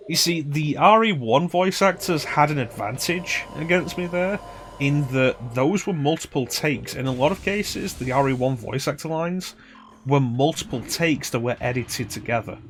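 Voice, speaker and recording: A man's voice: a little high, normal speed, a bit bright, slight background noise. Rambling male game streamer. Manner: rambling, chatty, hums and scats to himself. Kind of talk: casual gameplay commentary.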